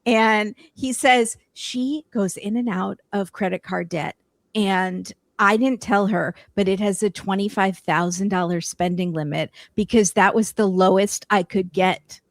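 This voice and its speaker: Female podcast guest, medium pitch, chatty and amused, dry close recording. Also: steady tone, measured pace, no echo. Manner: chatty, quotes people with laughs. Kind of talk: casual chat recapping reality TV.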